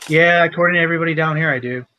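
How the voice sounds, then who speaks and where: A man's voice: on the high side, racing, background noise. A man from the Chicago area with a local accent, co-hosting a casual livestream and chatting with viewers by name. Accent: Chicago-area Midwestern. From Chicago area, Illinois. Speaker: co-host of a livestream.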